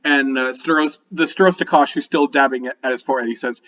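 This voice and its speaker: Halting bright-voiced male dungeon master. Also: medium pitch, highs cut off. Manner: casual, halting, lots of fillers. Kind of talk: narrating a tabletop game.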